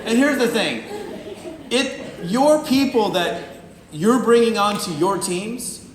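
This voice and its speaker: A man from the United States giving a joking, animated motivational talk to a live audience, acting out little scenes. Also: high voice, slow, a crowd in the background. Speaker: motivational speaker. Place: event hall with audience. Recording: roomy hall recording.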